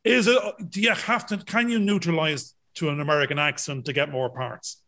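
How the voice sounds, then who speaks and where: Bright-toned jokey man. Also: fairly high pitch, brisk. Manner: jokey, jumps in with questions. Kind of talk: casual interview chat.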